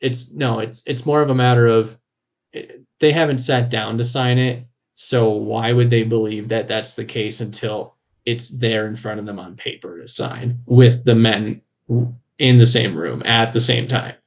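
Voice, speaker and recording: A man's voice: mid-range voice, fairly even intonation, moderate pace. A man co-hosting a podcast, talking in a loose, rambling way with frequent restarts and easy laughter. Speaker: podcast co-host. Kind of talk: casual chat.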